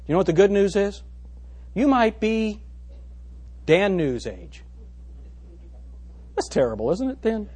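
Husky-voiced preacher with swooping pitch. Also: male voice, a little slow, pauses often. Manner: animated preaching with rhetorical questions, calls for amen. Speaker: pastor. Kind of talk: sermon. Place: church service before a congregation.

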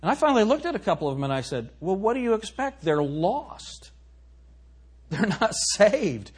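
A man preaching a sermon as pastor, swinging between soft reflection and loud, emphatic exhortation. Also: high-pitched, big pitch swings, normal speed, husky.

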